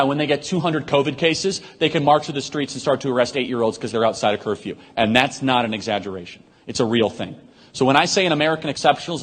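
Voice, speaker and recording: A man delivers an emphatic speech to a live audience at a brisk clip, firing off rhetorical questions. His voice has a slightly husky edge. A long reverb rings behind him in a large hall. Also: medium pitch. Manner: rapid-fire, forceful, rhetorical questions. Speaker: event host answering audience questions.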